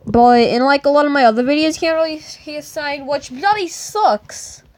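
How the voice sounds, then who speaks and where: High-voiced woman, put-on British accent. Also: normal speed, a little hiss or hum. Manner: loud, excitable, slang-heavy. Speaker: gaming YouTuber. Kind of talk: mobile game commentary.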